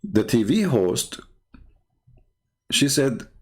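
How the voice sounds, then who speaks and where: Man hosting with a lively, mocking tone. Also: medium pitch, drawn-out words, breathy edge. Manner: mocking, laughs at his own points; repeats phrases for emphasis. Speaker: call-in show host. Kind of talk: casual monologue commentary.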